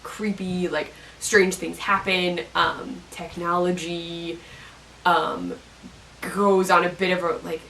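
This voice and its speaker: A woman's voice: fairly low pitch, fairly bright tone, distant mic, slight background noise, poor audio. A young woman vlogger in casual chat about a podcast she likes, rambling with lots of fillers and self-corrections.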